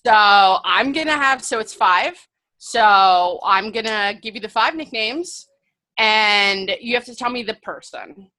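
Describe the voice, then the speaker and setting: A young woman co-hosting a podcast and running a trivia game, teasing her partner with quick comebacks. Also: mid-range voice, bright, forceful tone. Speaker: podcast co-host, trivia quizmaster. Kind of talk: casual chat.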